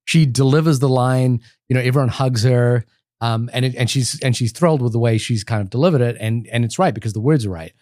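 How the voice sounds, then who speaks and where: A man's voice: medium pitch, brisk, darkish tone, dry recording, clean studio sound. A man co-hosting a film podcast, talking in a rambling, enthusiastic way with many restarts. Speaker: podcast co-host. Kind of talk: casual film discussion.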